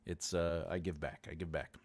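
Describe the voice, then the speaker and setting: A man's voice: deep voice, steady tone, normal speed, a little mellow. A man from the United States hosting his channel as an author, rambling casually and repeating his phrases as he talks to viewers. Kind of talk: casual livestream chat.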